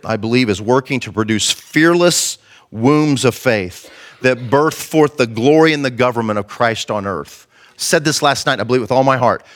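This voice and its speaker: A man's voice: mid-range voice, fairly bright tone. A male pastor preaching an impassioned, conversational sermon and acting out the quotes he tells.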